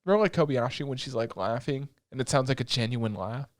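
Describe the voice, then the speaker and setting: A young man co-hosting a podcast, recapping anime in a rambling, excitable way with lots of filler words and swearing. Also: mid-range voice, fast talker, dry recording, clean studio sound. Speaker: podcast co-host. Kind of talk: casual chat recapping anime episodes.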